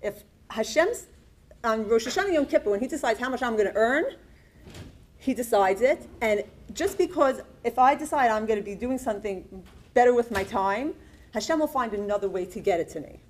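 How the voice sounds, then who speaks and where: A woman giving a personal testimony at a conference, telling her story in an earnest, animated way. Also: a little high, a little fast, slight background noise. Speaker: conference speaker. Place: conference hall.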